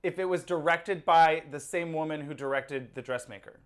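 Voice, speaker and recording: A woman co-hosting a casual movie review podcast, talking in a relaxed way and laughing along as she reasons her points through. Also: deep voice, normal speed. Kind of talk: casual chat.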